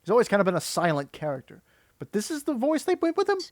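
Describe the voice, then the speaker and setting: A man's voice: high voice, huge pitch swings, fast talker, dry recording, clean studio sound. A man giving critical, exasperated reaction commentary that rambles and restarts. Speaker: video commentator.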